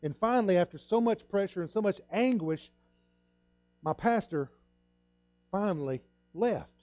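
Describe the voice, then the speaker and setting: A middle-aged man preaches with a mellow, rather high voice, telling a story from his own life in earnest, repeating his words. The sound is dry and a bit dull, like a modest lo-fi church recording. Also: lively intonation, measured pace, dry recording. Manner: earnest storytelling, repeats himself, acts out quoted dialogue. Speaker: pastor. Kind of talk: sermon.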